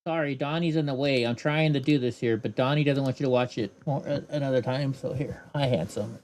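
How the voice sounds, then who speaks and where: A man's voice: medium pitch, fairly quick, over music. A man hosting a casual show, commenting on news clips with sarcastic asides. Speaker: host reacting to clips.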